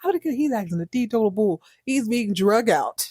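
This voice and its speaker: A woman hosting a podcast, recapping a soap opera in an animated, slangy way. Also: on the high side, a little fast, husky, dry recording, studio quality. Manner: animated, slangy, laughing storyteller. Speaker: podcast host.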